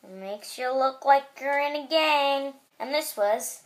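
Teen girl vlogger, high voice, slow unhurried delivery, jokey self-mocking asides. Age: teens. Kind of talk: casual haul video.

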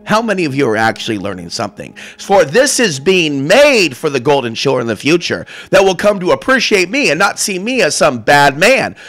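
A man from Portland delivering an impassioned sermon monologue, theatrical and swinging from murmurs to shouts. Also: a little high, no room sound. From Portland, Oregon. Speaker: self-styled preacher.

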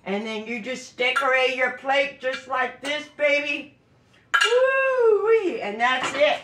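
A woman's voice: steady tone, measured pace, bright, forceful tone, echoey room, a little hiss or hum. Exuberant woman whooping in a kitchen. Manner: exuberant, frequent high whoops. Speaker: cooking channel host. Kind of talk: casual home cooking demo.

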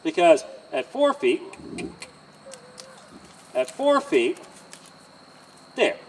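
A calm man coaching horse handling, his slightly raised voice rising and falling a lot. He is caught by a distant mic outdoors, with faint insects chirping behind him. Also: on the high side, drawn-out words, a little hiss or hum. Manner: calm, coaching, with frequent okays and chuckles. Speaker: horse trainer. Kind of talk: hands-on training demonstration.

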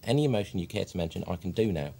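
An actor playing a stiff, self-important publisher who became a wooden amateur actor, giving a deadpan mock documentary interview. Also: male voice, sits low, very fast, vocal fry, slight background noise. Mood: smug. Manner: deadpan, pompous.

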